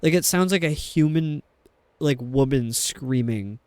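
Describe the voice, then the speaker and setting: A man's voice: mid-range voice, measured pace, a little mellow, no room sound. A young adult man streaming a game, chatting in a rambling, casual way with lots of fillers. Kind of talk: casual chat while playing a game.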